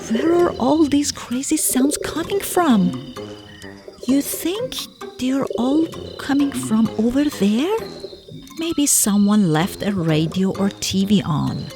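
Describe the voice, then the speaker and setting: A warm-hearted cartoon guide who talks straight to the child watching. Her high voice swoops up and down, and she takes her time. Clear music runs beneath her lines. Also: full character voice. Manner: animated, coaxing, speaks straight to the viewer. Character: friendly, curious young woman guiding a child. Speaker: cartoon voice actor.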